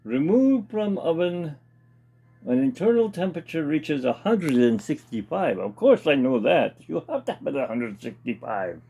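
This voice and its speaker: A man's voice: a little high, very animated, moderate pace, vocal fry, mellow, breathy edge. A man hosting his own casual cooking demonstration in a home kitchen, chatting and reading package steps aloud with comments. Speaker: home cooking show host.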